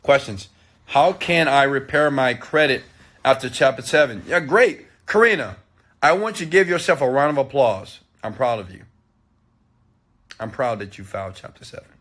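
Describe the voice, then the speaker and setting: A man giving a motivational talk, preachy and animated, often checking in with "okay?". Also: mid-range voice, moderate pace. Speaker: motivational speaker.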